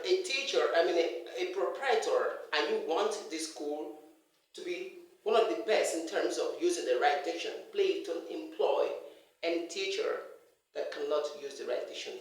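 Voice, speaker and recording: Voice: mid-range voice, lively intonation, normal speed. A speaker giving a pronunciation lecture, emphatic and repeating words over and over to drill them. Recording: very echoey hall, voice far from the mic.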